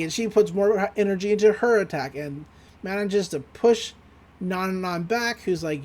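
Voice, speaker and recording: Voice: mid-range voice, moderate pace. Casual, profane podcast co-host; recaps scenes, acts out the characters' lines. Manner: retells scenes, quoting characters in lively voices; loose and profane, laughing often.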